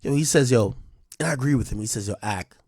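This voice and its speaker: A man hosting a live stream, reading out donations in loose, profane, casual chat with loud excited bursts. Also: medium pitch, quick pace, husky, no echo, studio quality.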